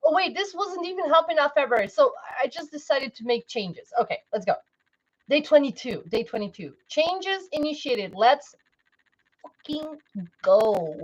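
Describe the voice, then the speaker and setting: A high-pitched woman chats on her livestream in a loose, rambling way, restarting her sentences and breaking into laughs. The audio is a little dull and lo-fi, like a home stream. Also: very animated, moderate pace. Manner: rambling, self-interrupting, laughs often. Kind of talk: casual livestream chat.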